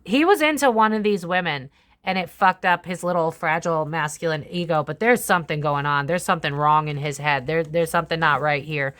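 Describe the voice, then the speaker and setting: A young woman hosting a tarot channel gives a relaxed psychic reading full of swearing and voices borrowed from other people. She has a low, fairly bright voice and talks fairly quickly.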